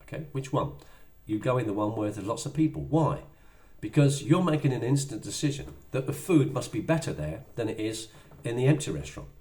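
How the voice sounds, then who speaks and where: A man's voice: medium pitch, animated, brisk, hardly any pauses, warm tone. A middle-aged man giving a motivational sales talk in a chatty way, acting out little dialogues as he goes. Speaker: business trainer.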